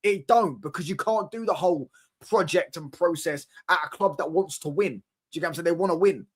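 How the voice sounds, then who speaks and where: A young man hosting a casual football live stream, talking in an animated way to his chat, full of fan slang and repeated "do you get what I'm saying". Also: a little high, fairly quick, slightly rough.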